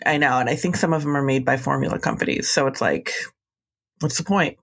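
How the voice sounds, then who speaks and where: A woman's voice: extremely low pitch, a little fast. A woman co-hosting a podcast, reading listener letters aloud and chatting with enthusiasm. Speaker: podcast co-host. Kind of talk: casual podcast chat, reading listener mail.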